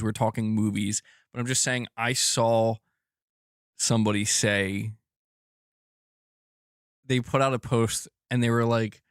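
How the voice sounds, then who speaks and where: A man's voice: medium pitch, smooth, no room sound, studio quality. A man hosting a casual livestream chat, rambling and correcting himself, laughing often. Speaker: streamer host.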